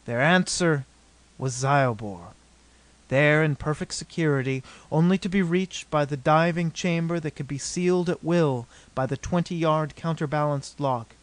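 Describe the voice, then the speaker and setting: A man reads an adventure novel aloud as an audiobook, keeping a steady, measured pace. His voice is somewhat higher than most men's. The sound is dry and close, with no trace of room echo. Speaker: narrator. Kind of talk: audiobook narration.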